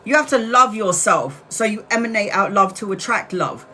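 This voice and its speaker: A woman's voice: mid-range voice, expressive, moderate pace, pushed and bright, a little hiss or hum. A woman doing a casual live-stream tarot reading, blunt and chatty, with the odd swear word. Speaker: tarot reader.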